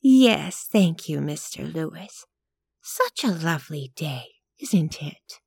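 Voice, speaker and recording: A woman voicing a prim, quietly disapproving elderly lady in an audiobook reading. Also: sits low, lively intonation, slow, vocal fry, slightly rough, no room sound, studio quality, heavily acted. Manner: genteel, precise, quietly disapproving. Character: prim, gently sharp-tongued elderly woman.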